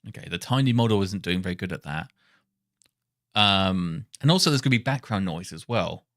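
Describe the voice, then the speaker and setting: A man talking to himself while testing speech software, muttering and correcting himself as he goes. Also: low voice, animated, brisk, no echo, clean studio sound. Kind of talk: casual thinking-aloud coding session.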